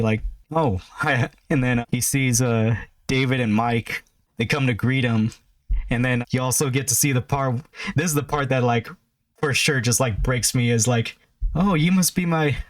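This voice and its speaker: A man's voice: medium pitch, dry recording. A man co-hosting a podcast, recapping in loose, rambling casual chat with lots of fillers. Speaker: podcast co-host.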